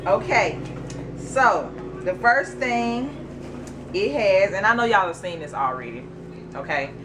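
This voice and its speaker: A woman chatting casually through an unboxing, animated and excitable. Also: medium pitch, slight background noise. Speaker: beauty vlogger.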